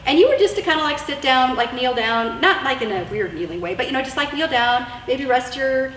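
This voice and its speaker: A woman with a high, fairly bright voice gives wives casual, earnest marriage advice, talking a little fast with lively intonation. She uses plenty of fillers, repeated words, and restarts. The mic is at a distance in an echoey room, with faint hiss.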